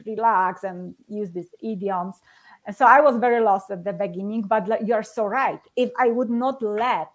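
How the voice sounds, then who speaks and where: A woman from Poland with a Polish accent, a podcast guest telling stories in an animated way and laughing often. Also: medium pitch. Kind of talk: podcast interview.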